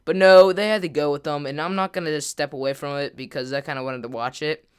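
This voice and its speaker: A man's voice: a little high, fairly even intonation, quick pace, clean tone. A man, a gaming vlogger, telling a story to camera in a rambling way, full of "like" fillers and restarts.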